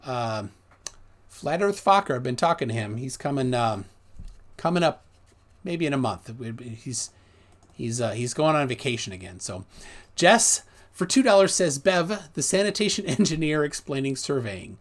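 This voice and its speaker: Lively-voiced male livestream host. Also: mid-range voice, normal speed. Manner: loose and rambling, reads viewer comments aloud. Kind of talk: casual livestream chat.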